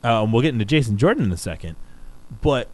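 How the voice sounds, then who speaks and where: A man co-hosting a podcast, chatting casually and excitedly about wrestling, with plenty of swearing. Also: fast, rough recording. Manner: animated, swearing, pitch jumping up when excited. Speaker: podcast co-host.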